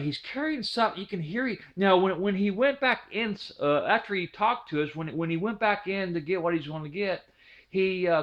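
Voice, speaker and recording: A man in his fifties from Ohio telling a childhood story in a rambling, folksy way, with many restarts. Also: high voice. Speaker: storyteller, channel host. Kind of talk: casual spoken storytelling. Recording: dull lo-fi recording.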